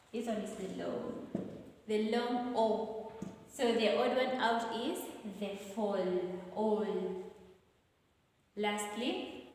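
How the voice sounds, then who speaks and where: A Kenyan woman teaches an English revision lesson at a very slow, careful pace. She walks through each answer and repeats the key points. Her voice rings around a bare room with a long, lingering reverb. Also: medium pitch, darkish tone. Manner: slow, deliberate explaining with repetition.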